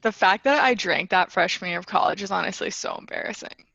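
Young woman cohost, casual and sweary, gravelly bright voice. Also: medium pitch, quick pace, no echo, dull audio. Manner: casual, swears freely, says "like" a lot. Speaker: podcast co-host. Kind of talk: casual chat.

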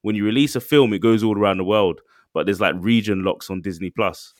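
A man co-hosting a podcast, talking in a casual, excitable way and acting out quotes. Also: lowish voice, fairly quick, dry recording, clean studio sound. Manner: animated, excitable, acts out quotes. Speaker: podcast co-host. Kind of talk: casual chat.

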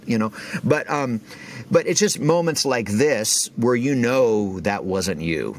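A man sharing a faith story as a podcast guest, animated and acting out the voices of the people in it. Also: mid-range voice, normal speed, slight background noise. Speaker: guest speaker.

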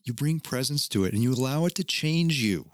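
A man's voice: medium pitch, animated, brisk, no room sound, clean studio sound. A man hosting a casual podcast chat, talking in an earnest, teacherly way and swearing now and then. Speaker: podcast host.

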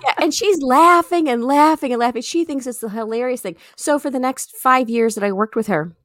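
A woman co-hosting a comedy podcast, telling a story in a casual, animated way and often jumping into high, excited bursts. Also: brisk, no room sound, clean studio sound. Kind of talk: casual chat, telling stories.

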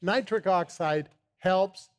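A man's voice: high voice, slow pace. A man, a guest on a talk show, eagerly explaining a supplement, often repeating his first words. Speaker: supplement company founder, guest.

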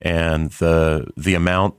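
Deep-voiced man explaining slowly. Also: flat delivery, smooth, no room sound, clean studio sound. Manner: measured, explains step by step with halting repeats. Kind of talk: casual conversational talk.

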